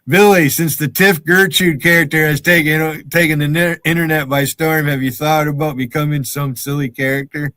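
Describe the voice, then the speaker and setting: A man's voice: fairly high pitch, steady tone, moderate pace, hardly any pauses, sharp tone, no room sound, clean studio sound. A man in his sixties hosting a casual live stream chat, joking and laughing at himself. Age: 60s. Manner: laughs often, self-mocking.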